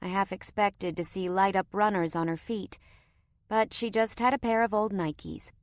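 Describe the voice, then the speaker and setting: A woman's voice: mid-range voice, steady tone, moderate pace, no room sound. A woman narrating a story in the first person with a wry, conversational tone, recorded close to the microphone.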